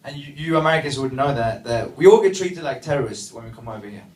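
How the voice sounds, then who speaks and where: Man doing stand-up, lively. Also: medium pitch, fast talker, recorded from a distance. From Sweden. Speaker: stand-up comedian. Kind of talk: stand-up comedy set. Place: comedy club stage. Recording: echoey club mic from afar, crowd laughter. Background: audience laughter.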